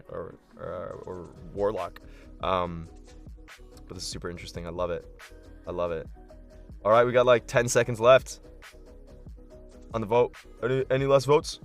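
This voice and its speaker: A man game master on a casual live stream, excitable and thinking aloud with lots of fillers. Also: low voice.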